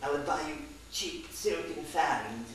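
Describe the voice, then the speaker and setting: A charming, flirtatious British tourist chef, airy and a little higher than everyday talk, as a storyteller puts him on. The voice is heard from afar in a very echoey hall. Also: male voice, a little slow, a little hiss or hum, lightly acted. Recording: very echoey hall, distant mic.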